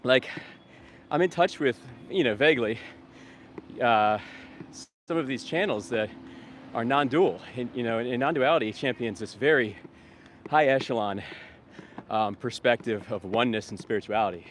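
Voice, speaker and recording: A man's voice: mid-range voice, moderate pace, pauses often, a little hiss or hum. A man recording a casual vlog outdoors on a town street while doing vegan outreach. He talks in a rambling, upbeat way with many fillers and restarts. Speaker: vegan street activist and vlogger.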